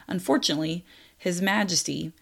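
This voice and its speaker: A young woman narrating a true story in a lively way, with apologetic, self-deprecating asides. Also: fairly low pitch, brisk, vocal fry. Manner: lively, laughs at own slips, apologetic asides.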